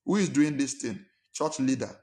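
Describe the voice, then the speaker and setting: A man's voice: mid-range voice, animated, normal speed, dark tone. Emphatic male preacher. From Nigeria. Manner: emphatic, fires rhetorical questions, acts out quarrels in a raised voice. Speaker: pastor. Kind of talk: sermon.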